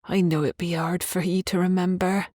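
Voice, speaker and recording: A woman's voice: on the low side, level tone, moderate pace, mellow, dry recording, clean studio sound, lightly acted. A woman voicing a kindly older Cornish fisherman's mother with a Cornish accent, who speaks in a cooing, motherly way. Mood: soothing. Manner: cooing, motherly dialect speech.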